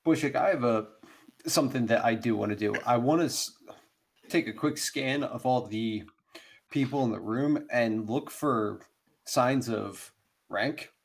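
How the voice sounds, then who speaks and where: A man talking at the table as a player in a tabletop game, with a gravelly, creaky texture to his voice. He speaks hesitantly and halts to restart his sentences. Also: medium pitch, a little slow.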